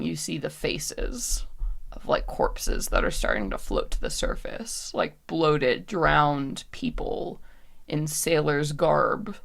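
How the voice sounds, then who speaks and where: A woman running a tabletop role-playing game, describing scenes vividly and casually. Her voice is low and gravelly, and she narrates at an unhurried pace. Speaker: game master.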